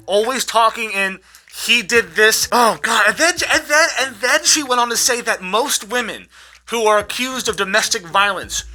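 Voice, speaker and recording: A vlogger in an angry, profanity-heavy rant, repeating words when worked up, with a voice going hoarse. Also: medium pitch, bright, forceful tone. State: losing their voice. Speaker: vlogger recapping a trial.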